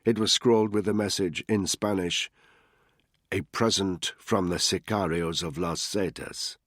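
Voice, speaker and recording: A man with a deep, husky voice narrates a thriller audiobook in a steady, even storytelling manner. The sound is close and dry, as from a booth. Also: a little slow, no echo.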